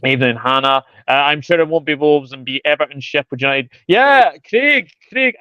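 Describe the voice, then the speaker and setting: A man's voice: medium pitch, level tone, fast, pushed and bright, smooth, no echo. Chatty man reading viewer comments. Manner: chatty, greets viewers by name, many fillers. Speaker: football channel host reading live chat. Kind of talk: casual livestream chat.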